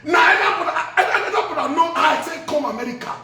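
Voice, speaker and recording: This man's voice is extremely high and sharp, with lively intonation and a quick pace, as he rants heatedly and insults people in a Nigerian Pidgin accent. The angry social media rant is captured from a distance in an echoey room.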